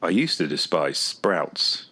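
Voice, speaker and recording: Deep, lively Midlands English man. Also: takes it slowly. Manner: chatty, laughs easily. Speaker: podcast co-host. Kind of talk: casual chat.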